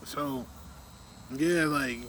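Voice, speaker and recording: A young man with a slightly higher voice rambles through a casual rant, leaning on fillers and letting his sentences fade out. Faint crickets chirp behind him in the night air outdoors. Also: extremely slow, slight background noise. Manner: rambling, frequent fillers, trails off quietly.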